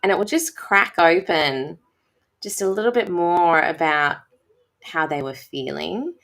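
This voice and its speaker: A teacher speaks in a casual conversation, enthusiastic and a little rambling. Her voice is fairly low for a woman. She circles back and restarts as she looks for the right words. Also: unhurried, a bit bright.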